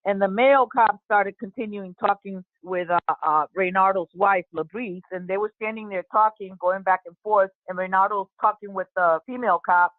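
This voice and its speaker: A woman, an eyewitness, recounting an incident in an interview, halting with many fillers and restarts. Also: mid-range voice, steady tone, no echo. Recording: tinny phone-line audio, dry.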